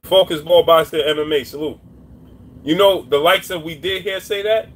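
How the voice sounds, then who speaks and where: A man doing boxing commentary on a live stream, talking casually and repeating his points while shouting out viewers' names. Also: fairly high pitch, fairly even intonation, moderate pace, a little hiss or hum. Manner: repetitive, shouts out chat names.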